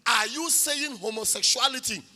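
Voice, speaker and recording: A man with a Nigerian accent preaching a sermon testimony in a church, telling his story with animated energy that rises to shouts. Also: very high-pitched, normal speed. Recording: long hall reverb.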